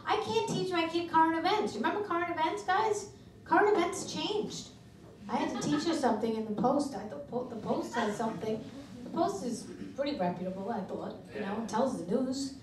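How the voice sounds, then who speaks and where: A middle-aged woman doing a stand-up comedy routine, delivering brash, deadpan one-liners in a comedy club. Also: high voice, a little fast, crowd noise. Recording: echoey club from far off with noise.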